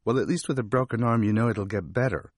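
A chatty young shop assistant, her statements rising at the end like questions, voiced by a man lifting his low voice a little. Close and dry recording. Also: quick pace, slightly rough, no echo. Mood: frank.

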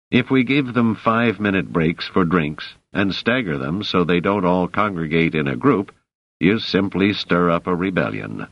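A man voicing a brisk, commanding male supervisor who speaks curtly and warily. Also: deep voice, dry recording, muffled recording. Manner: curt, commanding.

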